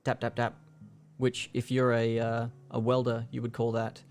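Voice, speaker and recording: A man's voice: medium pitch, completely flat delivery, normal speed, a little mellow. A young man casually explaining a keyboard build on a livestream, rambling with lots of fillers. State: hiccuping.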